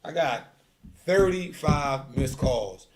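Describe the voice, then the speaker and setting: A man telling a story in casual chat, animated and full of slang, acting out quotes. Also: slow. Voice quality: heavy profanity and slang. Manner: animated storyteller, acts out quotes with rising pitch. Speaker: streetball tour organizer.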